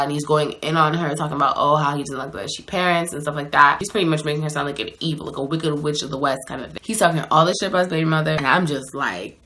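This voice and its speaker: A woman's voice: low voice, fast, sharp tone. A woman telling a dating story in a casual, slangy, chatty way, with plenty of "like" and "so anyways".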